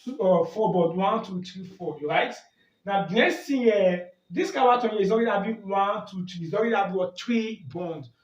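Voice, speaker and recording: A high-pitched man teaches a lesson, asking a question and answering it himself, then checking "do you get that?" He sounds far from the mic, in an echoey room, with a dull, muffled tone. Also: moderate pace. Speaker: chemistry tutor. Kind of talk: exam-prep lesson at a board.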